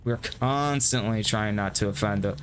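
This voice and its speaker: A gameplay streamer with a fairly low voice offers casual commentary at a moderate pace over background noise. He rambles, swears freely, and pokes fun at himself.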